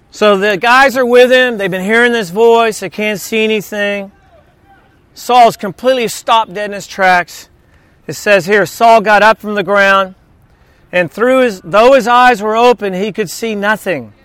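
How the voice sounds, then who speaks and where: Guy preaching outdoors, high voice, super dry close sound, chatty storytelling sermon. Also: fairly bright tone, clear, resonant tone, no echo. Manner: conversational, storytelling with humor. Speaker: pastor.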